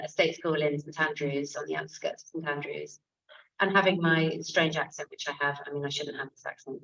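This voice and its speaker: Woman, 60s, author guest. Low voice, chatty anecdotes, distant dull mic. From England. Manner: lively storytelling with quick asides and fillers. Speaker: author and comic actress, event guest. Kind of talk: conversational talk at a book event. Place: bookshop event room. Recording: distant, muffled event recording.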